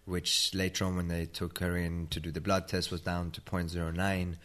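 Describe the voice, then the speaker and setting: A man from Sweden with a British-tinged accent, a tired interview guest speaking in a measured, matter-of-fact way. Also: low-pitched, level tone, a bit bright. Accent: British-tinged Swedish. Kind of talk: interview conversation.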